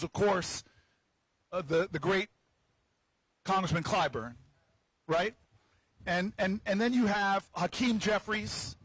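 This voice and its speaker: A senator speaking outdoors at a rally, telling a playful story to the crowd, with stammering restarts and repeated words. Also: male voice, sits high, husky, no echo, rough recording. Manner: lively, playful storyteller who teases the crowd. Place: outdoors on building steps at a rally.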